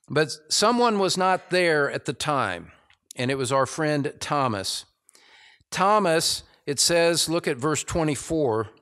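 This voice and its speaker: American pastor guy preaching slow and emphatic, kinda high voice. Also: a bit bright. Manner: deliberate, emphatic preaching with rising intensity. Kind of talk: sermon.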